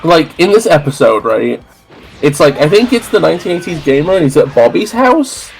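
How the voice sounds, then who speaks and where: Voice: medium pitch, very animated, normal speed, creaky, faint music behind, poor audio. A streamer rambling through a story in casual chat while gaming, with many restarts.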